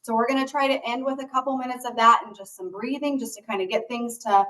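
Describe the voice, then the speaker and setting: Woman guiding slow breathing stretches. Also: a little high, steady tone, far from the mic, poor audio. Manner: gentle and encouraging, talks people through each breath. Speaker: exercise instructor.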